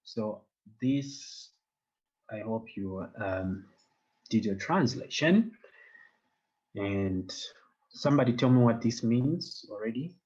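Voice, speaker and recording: Slow-talking man teaching a German class. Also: lowish voice, lively intonation, a little mellow, dull audio. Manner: patient, joking, mixes German into English. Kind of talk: online language class.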